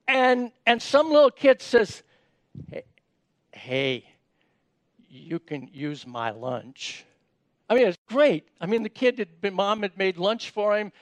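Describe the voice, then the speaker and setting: A man's voice: sits high, no echo. A man giving a sermon in a conversational way, often repeating words as he starts sentences and asking the audience questions. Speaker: preacher.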